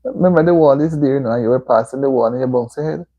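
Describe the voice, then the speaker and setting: Her voice is extremely low and she talks rapid-fire, with the high frequencies cut off in the recording. She's a Jamaican woman hosting a casual livestream at home, chatting with viewers and giving motherly advice on their comments.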